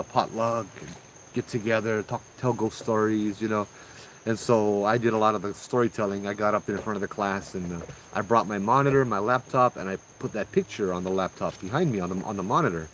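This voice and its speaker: A man with a Hawaiian accent and a voice on the low side hosts a show of ghost stories, told in a laid-back, slangy way as he calls his listeners "bro." The recording is rough, with slight background noise.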